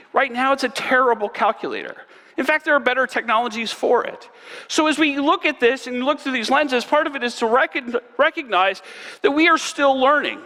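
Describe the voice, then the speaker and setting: A man's voice: very high-pitched, sharp tone. A man giving a university keynote talk at a conference, earnest and often tagging his points with "right?". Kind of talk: keynote presentation. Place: large conference hall. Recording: long hall reverb.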